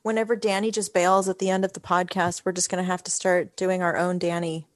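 A woman's voice: lowish voice, flat delivery, brisk, no echo, clean studio sound. A woman cohosting a casual podcast, teasing and laughing, swearing freely. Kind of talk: casual chat.

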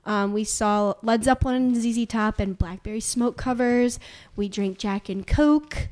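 A woman's voice: on the high side, a little slow. A woman in her twenties hosting a casual podcast chat, talking freely and laughing often as she goes. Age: 20s. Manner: chatty, laughs often, self-described dark sense of humor. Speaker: podcast host.

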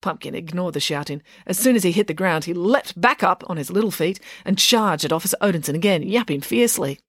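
A woman reads a children's story aloud in a playful, wry way. Her voice moves with lively ups and downs, and the recording is dry and close. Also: fairly low pitch, fairly quick, no room sound. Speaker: narrator. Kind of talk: audiobook narration.

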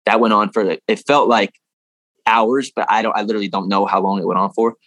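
A man's voice: on the low side, steady tone, quick pace, fairly bright tone, dry recording. A young man telling a personal story in a casual interview, rambling and cursing freely, laughing now and then. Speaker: guest.

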